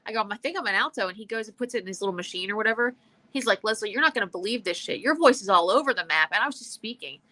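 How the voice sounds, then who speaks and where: A woman in casual chat, quick-witted, laughing often and swearing. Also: medium pitch, animated, sharp tone. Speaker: comedian guest.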